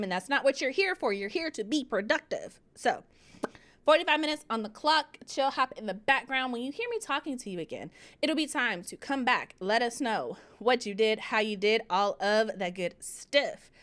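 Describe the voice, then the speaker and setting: Woman host, fairly high voice, chatty livestream storyteller reading chat at her desk. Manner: chatty, animated storytelling, reads chat aloud. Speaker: livestream host of writing sprints.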